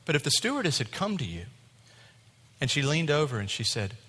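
A male pastor preaching a sermon, animated, acting out voices and dropping to a quiet tone at times. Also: a little high, brisk, breathy edge. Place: church sanctuary. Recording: long hall reverb.

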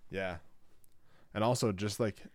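Low-voiced rambling man. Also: fairly even intonation, measured pace, no echo, studio quality. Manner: rambling, full of "like" and restarts. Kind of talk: casual chat.

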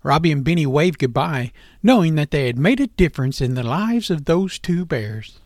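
High-voiced man narrating a children's story. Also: moderate pace, no room sound, clean studio sound. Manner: gentle, expressive storytelling.

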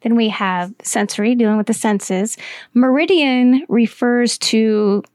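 A woman's voice: on the high side, measured pace, a little mellow, no room sound, studio quality. A middle-aged woman hosting a podcast, telling a personal story and explaining in a chatty, casual way with plenty of fillers. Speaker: podcast host.

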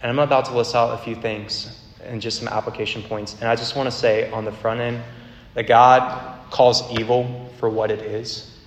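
A man preaching a sermon as a campus minister, earnest, with a repetitive cadence that slows down for emphasis. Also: lowish voice, vocal fry, a little hiss or hum. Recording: echoey hall, faint ambience.

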